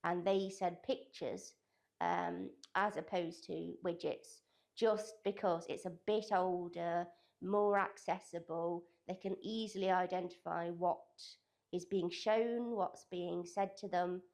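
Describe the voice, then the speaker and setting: A young woman with a fairly low voice answers interview questions about her college work. She talks loosely and hedges often, filling her sentences with "kind of" and "sort of". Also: steady tone, takes it slowly, vocal fry, darkish tone. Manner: loose, hedging talk full of "kind of" and "sort of". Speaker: digital communications apprentice at a college.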